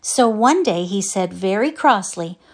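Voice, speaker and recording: A woman's voice: medium pitch, expressive, unhurried, voice pushed up. A woman voicing a dreamy young girl who loves telling stories in a readers' theatre piece. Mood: storytelling. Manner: dreamy, storytelling.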